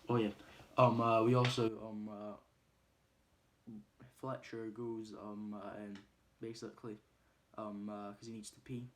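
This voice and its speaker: A man's voice: on the low side, little pitch movement, measured pace, pauses often. Hesitant man retelling a film plot. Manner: hesitant, many ums and uhs. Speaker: movie reviewer.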